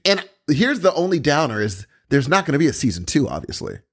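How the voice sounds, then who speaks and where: A man talking casually about a series he loves. His voice sits a little high and swings widely as he gets excited, exclaiming often and restarting sentences mid-thought. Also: fairly quick, husky. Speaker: co-host discussing a TV series. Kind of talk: casual chat.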